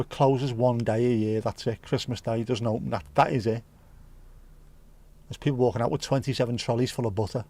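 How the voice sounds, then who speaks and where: A man's voice: mid-range voice, darkish tone. A man with a Liverpool accent hosting a livestream, chatting casually and jokily with viewers, swearing freely. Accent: Liverpool (Scouse). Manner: jokey, rambling, swears freely. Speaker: livestream host. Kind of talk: casual chat reading viewer comments.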